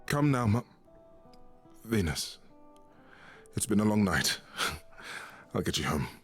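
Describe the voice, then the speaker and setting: An actor playing a gentle, grieving male god of love in a video game, speaking softly and calmly with a husky voice. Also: fairly low pitch, slow pace, heavily acted. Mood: calm, consoling. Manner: calm, consoling. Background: faint game music.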